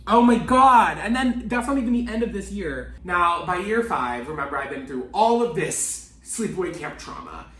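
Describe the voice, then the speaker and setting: A man's voice: animated, moderate pace, few pauses, fairly bright tone. A young man telling a story in casual vlog style, dramatic and full of swearing, with acted-out quotes. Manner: dramatic, swearing, acts out quotes in high voices. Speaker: vlogger. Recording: echoey room with faint music.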